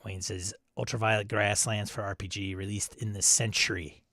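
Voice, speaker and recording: A man's voice: lowish voice, little pitch movement, moderate pace, bright, forceful tone, dry recording, clean studio sound. A man hosting a live stream, casually reading viewer comments aloud and riffing on them with chuckles. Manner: reads chat messages aloud, chuckling and riffing. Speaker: host of a live stream show.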